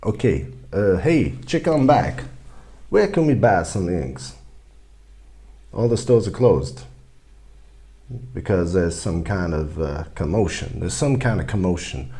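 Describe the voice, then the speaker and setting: A man voicing an excitable American tourist who rambles in a bewildered way. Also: low voice, takes it slowly, long pauses, full character voice.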